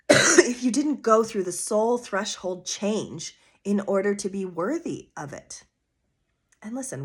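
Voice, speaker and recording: Speaking in a slightly rough mid-range voice, a woman runs a solo astrology podcast. Her tone is earnest and coaching, loosened by casual asides, rhetorical questions, and fillers such as "vibe" and "you know."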